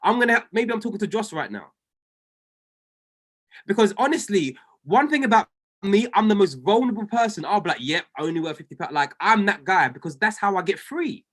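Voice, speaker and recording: A man's voice: sits high, big pitch swings, normal speed, fairly bright tone. A man coaching a group of traders on a video call. He speaks with fervent conviction, repeats key lines for emphasis, and calls people by name. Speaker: trading coach.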